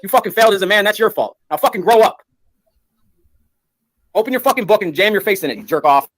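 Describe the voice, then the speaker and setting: A man's voice: high voice, expressive, no echo. A man on an online panel, ranting and hurling profane insults. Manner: shouting insults, profane, rapid tirade. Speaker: panel speaker. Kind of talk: heated online panel argument.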